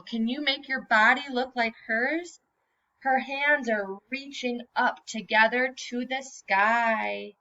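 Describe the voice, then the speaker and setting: A woman teacher reads a picture book to young children in an unhurried, clear, bright voice. She gently coaxes them to join in and leads them into yoga poses. The sound is a little muffled and lo-fi. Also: fairly high pitch. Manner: slow, gentle and encouraging, prompting children to join in.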